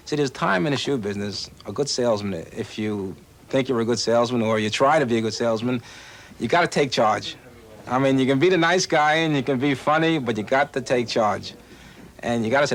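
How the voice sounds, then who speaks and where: A man's voice: mid-range voice, fairly quick. A shoe salesman telling an anecdote, acting out both sides of the dialogue. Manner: animated, acts out dialogue with voices. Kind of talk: anecdotal storytelling.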